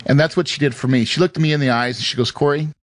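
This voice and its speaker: Racing through his words in a mid-range voice, a podcast host tells an emotional personal story with lots of emphasis. He laughs frequently into the studio microphone, recorded with no echo.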